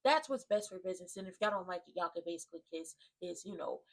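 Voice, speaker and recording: A woman giving an animated, slangy rant that recaps a wrestling show, with emphatic asides to her viewers. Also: on the low side, fast talker. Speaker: wrestling commentary vlogger. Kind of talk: casual ranting recap.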